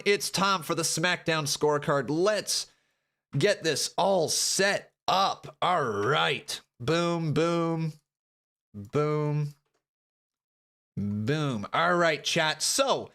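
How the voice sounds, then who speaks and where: Male stream host, high bright voice, very animated, excitable and chatty with his audience. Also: slow. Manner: excitable, hollers at big moments; chatty, talks to his chat. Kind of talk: live watch-along commentary.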